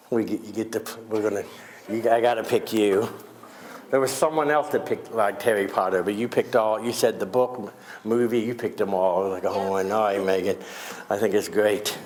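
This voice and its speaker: A man's voice: on the low side, darkish tone. A man performing comedic magic on a school stage, teasing his young volunteers with wisecracks. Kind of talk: comedic magic show patter.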